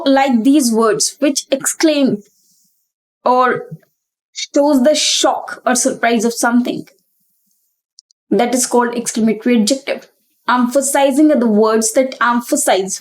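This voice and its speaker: A woman's voice: fairly high pitch, poor audio. A young woman teaching an exam-prep English grammar lesson, explaining step by step and repeating key terms.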